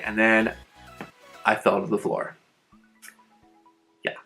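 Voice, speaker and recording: A young man casually telling a storytime vlog, animated and full of fillers and the odd swear word. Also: on the low side, measured pace, pauses often, soft background music, poor audio. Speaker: vlogger.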